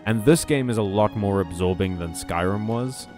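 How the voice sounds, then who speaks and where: A man's voice: on the low side, normal speed, a little mellow. A man casually commenting on his gameplay, chatty and jokey, laughing often and swearing now and then. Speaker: game streamer. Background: faint game music.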